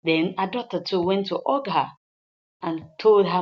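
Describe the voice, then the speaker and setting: A woman's voice: on the low side, unhurried. A woman narrating a film recap in a chatty way, repeating lines and addressing listeners directly, in a slightly dull lo-fi recording.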